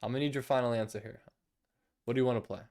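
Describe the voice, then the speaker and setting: A man's voice: medium pitch, steady tone, rapid-fire, darkish tone. A young man streaming casually, reading out viewer messages with playful, laughing indignation. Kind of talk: casual livestream chat.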